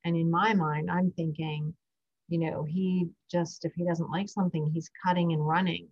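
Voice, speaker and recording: A woman's voice: lowish voice, level tone, moderate pace. A middle-aged woman hosting a parenting podcast, telling a story from her own life and guiding a short breathing exercise. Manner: warm reflective storytelling, guides breathing. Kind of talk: casual solo podcast talk. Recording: dull lo-fi recording.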